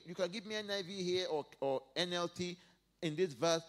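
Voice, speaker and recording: A male pastor preaching a sermon, dropping to soft asides and rising to loud emphatic peaks as he reads and acts out scripture. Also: on the high side, animated, normal speed. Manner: preaches verse by verse, acting out biblical speakers.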